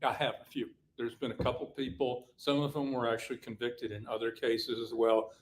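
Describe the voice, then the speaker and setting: A man's voice: medium pitch, level tone, brisk, rough recording. A man who works as a crime reporter talks in an easy, conversational way. His voice sits in a middle range. He tells stories at length and repeats words as he gathers his thoughts. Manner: storytelling, repeats words while thinking. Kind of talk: casual studio chat.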